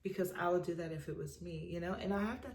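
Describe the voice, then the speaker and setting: A woman's voice: lowish voice, fast talker, darkish tone. Chatty young woman giving frank advice. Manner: chatty, emphatic, repeats "you know what I mean". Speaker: vlogger. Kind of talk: casual advice monologue to camera.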